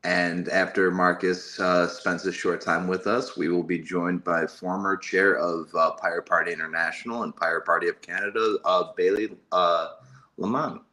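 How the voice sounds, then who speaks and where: An American man co-hosting a casual livestream, speaking in a measured, announcing way. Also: deep voice, steady tone, pushed and bright. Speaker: livestream co-host.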